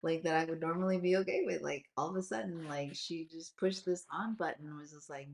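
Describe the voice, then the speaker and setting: A woman in her forties hosting a live video call chat, talking in an animated, rambling way with many fillers. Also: low voice, fairly quick, gravelly, few pauses, echoey room. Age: 40s. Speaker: host.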